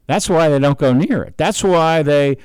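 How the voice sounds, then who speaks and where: A man's voice: fairly high pitch, normal speed, a little mellow, smooth, dry recording. An older American man giving an unscripted political monologue, explaining his points emphatically and repeating words for stress.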